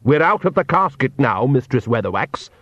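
A man reading as a silky vampire nobleman, slow and smooth, mocking his enemies from on high. The voice has a mid-range pitch, and the audiobook recording is dull and dry, with no room around it. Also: big pitch swings, fairly bright tone, no echo. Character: suave menacing male vampire count, mocking. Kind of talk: audiobook character voice.

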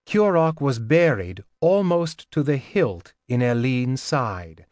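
A man narrating a fantasy audiobook in a measured, steady reading on a close mic. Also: mid-range voice, no echo. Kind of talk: scripted narration.

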